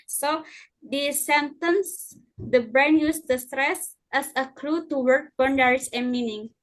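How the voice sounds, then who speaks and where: Young woman, high voice, slow, halting student presenter. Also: rough recording. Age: young adult. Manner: halting, restarts words, simple English. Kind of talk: class presentation.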